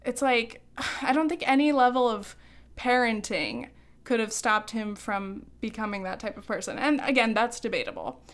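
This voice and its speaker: A woman hosting a podcast, ranting quickly and heatedly, running short of breath. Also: fairly high pitch, expressive, fairly bright tone. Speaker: podcast host. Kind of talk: opinionated podcast monologue.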